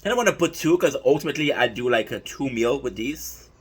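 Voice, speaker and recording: A man's voice: medium pitch, animated, fast talker, breathy edge. A young man hosting a casual mukbang vlog, chatting loosely and swearing as he cooks. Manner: loose and profane, hyped asides. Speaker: mukbang vlogger.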